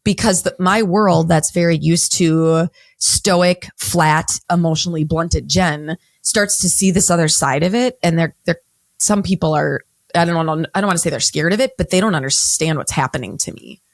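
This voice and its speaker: A woman in her forties, a counselor speaking as an interview guest, talking bluntly in quick bursts with frequent restarts. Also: fairly low pitch, gravelly, no echo, clean studio sound. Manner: blunt, unapologetic, talks fast in bursts with many restarts. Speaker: guest, mental health counselor. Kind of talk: candid interview conversation.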